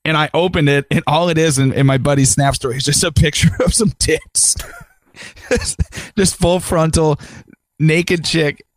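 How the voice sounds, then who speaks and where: Young guy co-host, slightly high voice, laid-back, laughs as he talks, dry mic. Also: fairly even intonation, moderate pace, no room sound. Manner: laid-back, laughs through his story, swears. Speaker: podcast co-host. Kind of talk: casual chat.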